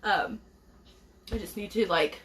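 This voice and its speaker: A woman's voice: medium pitch, unhurried, fairly bright tone, a little hiss or hum. A young woman vlogging to her followers about her pregnancy, emotional and rambling, with many restarts and laughs. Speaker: beauty vlogger. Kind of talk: casual vlog to followers.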